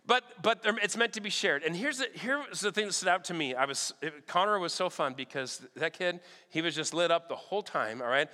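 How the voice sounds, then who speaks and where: A man preaching a sermon, telling lively stories in an animated way and checking in with his listeners again and again. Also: on the high side, fairly quick, hardly any pauses. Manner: animated, checks in with "all right?" often. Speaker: pastor. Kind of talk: storytelling sermon. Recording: long hall reverb.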